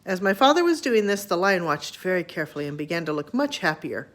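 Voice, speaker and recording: A woman reading a children's chapter book aloud to her grandchildren, expressive and homely. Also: lowish voice, fast talker.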